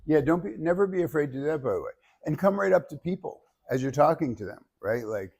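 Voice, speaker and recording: A man leading a public speaking workshop, giving feedback and demonstrating techniques in an animated way. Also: a little high, fairly quick, few pauses, slightly rough.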